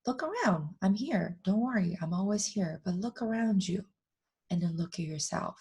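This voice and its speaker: A woman voicing a calm, reassuring God in a spoken story, patient and kind. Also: mid-range voice, normal speed, lightly acted. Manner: gentle, patient.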